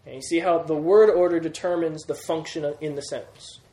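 Male teacher, fairly high voice, patient explainer, reverberant room sound. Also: fairly even intonation, fairly quick, mellow. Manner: patient, repeats key points and checks understanding. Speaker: Greek teacher. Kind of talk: classroom grammar lesson. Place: classroom. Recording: roomy classroom sound.

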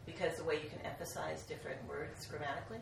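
A woman's voice: low-pitched, level tone, rapid-fire, gravelly. A woman student in a class asking tentative, thoughtful questions about grammar. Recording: distant in an echoey room with crowd.

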